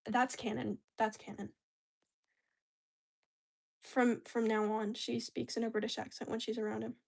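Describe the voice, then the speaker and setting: A woman's voice: on the high side, little pitch movement, measured pace, vocal fry, darkish tone. A woman vlogging casually while she crafts, talking in a chatty, rambling way full of slang.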